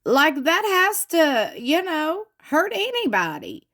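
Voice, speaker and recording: A woman giving chatty, gossipy commentary on a reality show, retelling what was said with lively emphasis. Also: high voice, takes it slowly. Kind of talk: casual commentary.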